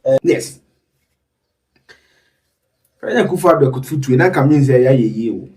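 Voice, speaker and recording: A man commenting on poll data in a rambling, animated way, with asides. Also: medium pitch, normal speed, recorded from a distance.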